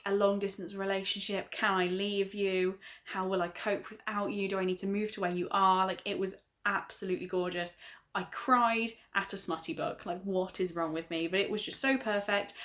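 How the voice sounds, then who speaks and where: A woman's voice: medium pitch, fairly bright tone. A young woman, chatting through her monthly reading wrap-up in a gushing, self-correcting way. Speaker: book vlogger.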